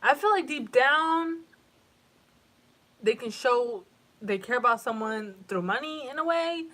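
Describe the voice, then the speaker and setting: A woman's voice: high-pitched, lively intonation, unhurried, sharp tone. A young woman giving a casual tarot reading to camera, rambling and emotional, with frequent swearing and fillers. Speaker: tarot reader.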